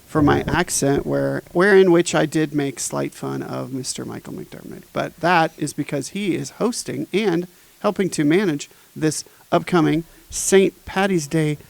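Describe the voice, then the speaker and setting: A man's voice: fairly high pitch, measured pace, creaky, no echo, rough recording. A man hosting a podcast, in a joking, teasing, playful casual chat. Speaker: podcast host.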